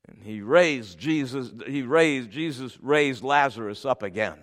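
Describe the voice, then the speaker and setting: A man preaching a sermon, reading scripture forcefully and then dropping to soft, tender asides. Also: mid-range voice, measured pace. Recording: long hall reverb.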